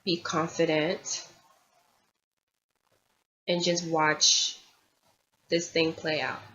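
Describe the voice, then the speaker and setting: Tarot-reader woman, lowish voice, earnest and confiding; dull lo-fi recording. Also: little pitch movement, very slow, bright, forceful tone. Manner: earnest, confiding, repeats herself. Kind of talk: tarot reading monologue. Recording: dull lo-fi audio with faint background hiss.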